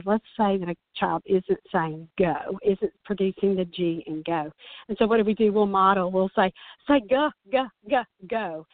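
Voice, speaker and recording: A woman's voice: medium pitch, no echo. Woman host coaching parents, tinny sound. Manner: earnest, coaching tone with repeated restarts. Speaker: speech-language pathologist podcast host. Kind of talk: explanatory podcast monologue. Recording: dry, phone-like narrow sound.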